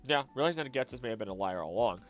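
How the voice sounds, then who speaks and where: Here the same young man from the U.S. South sounds animated, talking very fast at a medium pitch with a fairly bright tone. Reading chat aloud on his late-night stream, he mutters, wanders off track, and keeps correcting himself over faint background music and the clatter of typing.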